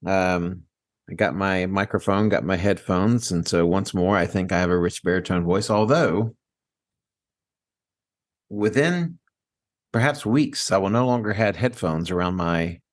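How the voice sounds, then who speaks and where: A man with a very low voice co-hosts a relaxed podcast, trading jokes and laughing at his own expense. He talks into a studio microphone. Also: unhurried. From Maryland, USA. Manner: self-deprecating, joking, laughs often. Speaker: podcast co-host. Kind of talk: casual podcast banter. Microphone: studio microphone with headphones.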